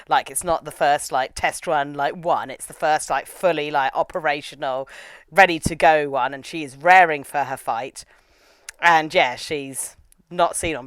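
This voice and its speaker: A woman co-hosting a casual anime review. She talks in a slangy, animated way and keeps acting out the characters. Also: low voice, no echo. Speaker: co-host.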